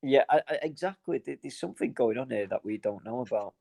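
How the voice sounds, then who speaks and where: A man co-hosting a casual football podcast, animated and swearing, often trailing off mid-thought. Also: medium pitch, quick pace, gravelly. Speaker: podcast co-host.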